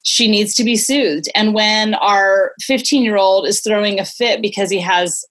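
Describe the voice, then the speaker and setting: A woman's voice: mid-range voice, a little slow, fairly bright tone. A woman in her forties, a parenting expert guest, explaining ideas in an earnest, conversational way with many "you know"s.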